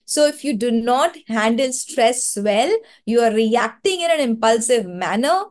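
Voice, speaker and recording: A woman's voice: a little high, expressive, unhurried, darkish tone. Earnest Indian woman leading a webinar. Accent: Indian English. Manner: earnest, coaching, repeats words for emphasis. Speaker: webinar trainer. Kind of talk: online training webinar.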